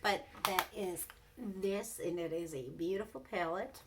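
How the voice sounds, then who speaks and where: A woman's voice: lowish voice, measured pace, heavy background noise. A young woman beauty vlogger telling a story in casual chat, laughing often and swearing bluntly while she does her makeup.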